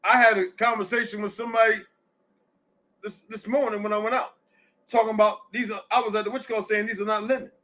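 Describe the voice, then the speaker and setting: A middle-aged man with a high, bright voice hosts a casual live audio discussion. He talks bluntly and curses freely, telling stories in a plain, direct way. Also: flat delivery, fast. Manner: blunt, profane storytelling. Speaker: host.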